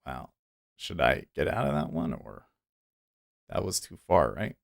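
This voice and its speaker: A man's voice: extremely low pitch, sing-song, measured pace, creaky. A man hosting a day trading livestream, thinking aloud in a rambling, casual way and laughing often.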